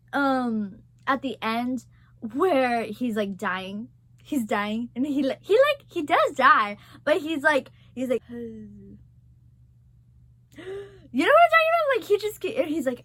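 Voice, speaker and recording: A young woman chatting casually as a vlogger, gushing and excitable, swearing freely. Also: sits high, no echo. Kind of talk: casual chat.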